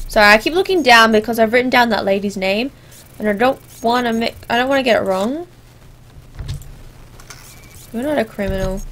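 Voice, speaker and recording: A woman's voice: on the high side, normal speed, long pauses, a little hiss or hum, poor audio. Sarcastic woman commentating gameplay. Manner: sarcastic, animated, talks to the characters. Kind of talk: let's play commentary.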